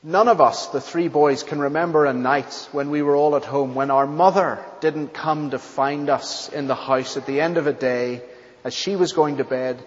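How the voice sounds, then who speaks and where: A man preaching a sermon and leading a closing prayer in a church, with an earnest, measured delivery and deliberate pauses. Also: fairly high pitch, steady tone. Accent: not English. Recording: dull lo-fi church recording with long reverb.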